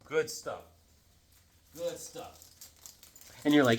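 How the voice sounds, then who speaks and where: This middle-aged comic book collector vlogger casually shows off his collection in a show-and-tell, enthusiastic and rambling, full of fillers and asides. He speaks slowly and expressively at a medium pitch, with a fairly bright tone and long pauses.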